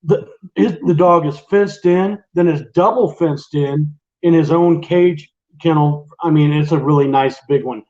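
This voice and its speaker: Male co-host, slightly high voice, rambling chatter, lo-fi recording. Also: measured pace, hardly any pauses, mellow. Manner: rambling, laughs often. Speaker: podcast co-host. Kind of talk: casual late-night chat. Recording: lo-fi dull sound.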